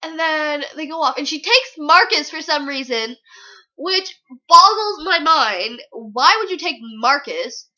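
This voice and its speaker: A woman's voice: high voice, expressive, unhurried, bright, forceful tone, highs cut off. A young woman giving a casual book review vlog, gushing, giggly and rambling.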